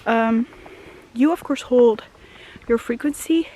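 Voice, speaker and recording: A woman with a slightly high voice talks while walking a forest path, a little out of breath. Her tone is earnest and musing, full of "you know" fillers and easy laughs. Faint outdoor ambience hangs behind her. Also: slow, warm tone, slight background noise. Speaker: vlogger. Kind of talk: walk-and-talk spiritual vlog.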